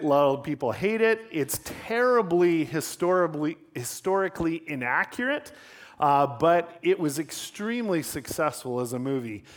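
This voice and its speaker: A man giving a sermon-style talk, retelling a story in a conversational way with dry, self-deprecating humor. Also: fairly high pitch.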